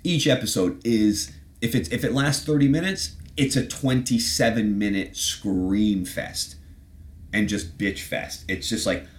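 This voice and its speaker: Deep-voiced, sarcastic podcast man. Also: unhurried. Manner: rambling, sarcastic and profane. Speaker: podcast host. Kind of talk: casual chat.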